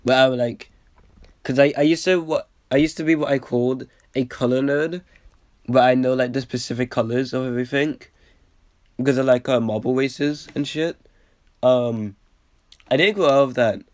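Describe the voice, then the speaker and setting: A man's voice: medium pitch, normal speed, dry recording. Young guy rambling n reacting, lots of "like", dead dry close mic. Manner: rambling, full of "like" fillers, swears casually; excitable bursts, trails off with a quiet "yeah". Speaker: reaction video host. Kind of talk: casual commentary over an old video.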